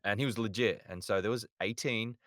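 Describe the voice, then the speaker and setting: An Australian-accented man, a voice actor appearing as a guest, tells stories on a podcast in a laid-back, rambling style typical of casual chat. His voice is fairly low with fairly even intonation, a fairly quick pace and a fairly bright tone. There's slight background noise.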